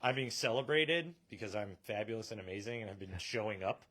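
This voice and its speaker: A man's voice: on the low side, brisk, fairly bright tone. A man hosting a casual live stream from a comic shop, joking and laughing often.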